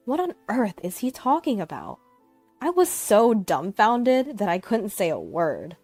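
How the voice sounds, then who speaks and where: A woman reads a first-person story in an expressive, scripted narration with lively swings of pitch. Her voice is dry and close to the mic. Soft music plays underneath. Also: a little slow, no echo. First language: English.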